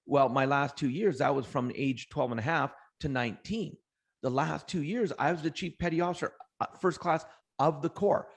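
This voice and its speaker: A middle-aged man from Canada, a trainer telling energetic motivational stories as an interview guest, often restarting phrases. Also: on the high side, moderate pace. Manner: energetic, anecdotal, frequent restarts. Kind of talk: motivational storytelling.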